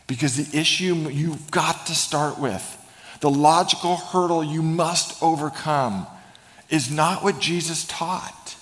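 A male pastor giving a sermon in a church sanctuary, telling the story with light humor and dropping to a hush for emphasis. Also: a little high, slow. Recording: long reverb of a large hall.

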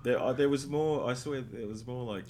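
A man with an Australian accent co-hosting a podcast, talking games casually and excitedly in laid-back slang. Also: mid-range voice, moderate pace, slight background noise. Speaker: podcast co-host. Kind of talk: casual gaming chat.

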